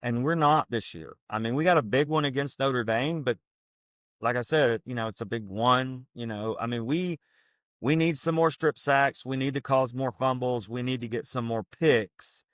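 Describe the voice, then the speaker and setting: A man's voice: mid-range voice, moderate pace, a bit bright, no room sound, studio quality. Emphatic ex-coach man talking football. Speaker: podcast co-host, former football coach. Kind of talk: casual football analysis chat.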